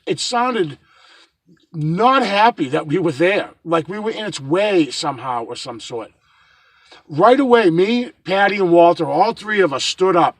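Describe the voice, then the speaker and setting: Gravelly middle-aged man telling a story. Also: high-pitched, no echo. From northern Massachusetts. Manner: halting, repeats words, many restarts. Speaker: vlogger recounting a hike. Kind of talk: casual first-person storytelling.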